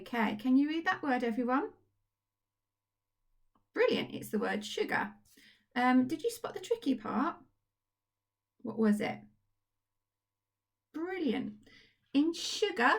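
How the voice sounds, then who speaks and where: A woman's voice: on the high side, vocal fry. A woman teacher giving a recorded phonics lesson to young children, upbeat and encouraging. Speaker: primary school teacher. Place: at home.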